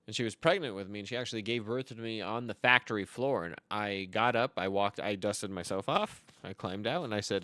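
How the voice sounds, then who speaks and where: A young man commenting on his own card game match, telling deadpan, absurd tall tales between plays. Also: lowish voice, a little fast, hardly any pauses, no echo. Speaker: card game content creator. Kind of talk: joking commentary over gameplay.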